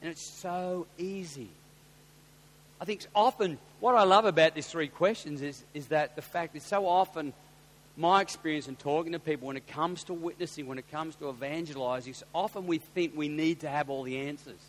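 Animated Australian pastor in an echoing hall. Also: male voice, normal speed. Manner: animated, gets loud and high when excited. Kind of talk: storytelling sermon. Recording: long hall reverb with faint hum.

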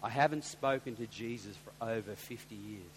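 A man quoting a slow, solemn older German man. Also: on the low side, slight background noise, pitched below the performer's own voice, lightly acted, poor audio. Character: tall older German man, quiet and earnest.

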